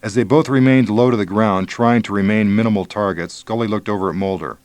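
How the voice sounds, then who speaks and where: Low-voiced male audiobook narrator. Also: fairly even intonation, fast talker, no echo.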